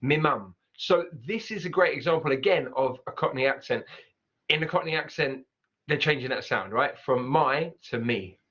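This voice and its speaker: A man teaching an online English pronunciation lesson, upbeat, repeating example words slowly to show how they sound. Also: medium pitch, bright, forceful tone, muffled recording.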